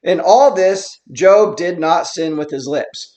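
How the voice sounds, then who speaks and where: A man teaching a Bible study in an earnest, explanatory way, reading verses slowly and then commenting on them. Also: sits high, a little mellow. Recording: roomy echo.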